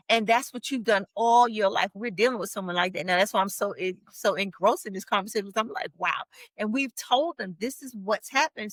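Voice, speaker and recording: A woman's voice: medium pitch, a bit bright, dry recording. A woman talking as a marriage coach on a podcast, explaining earnestly. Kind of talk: podcast conversation.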